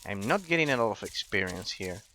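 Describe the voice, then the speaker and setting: A man's voice: lowish voice, sing-song, brisk, pushed and bright, slight background noise. A man giving casual let's-play commentary, thinking aloud, trailing into fillers and swearing now and then. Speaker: gameplay commentator.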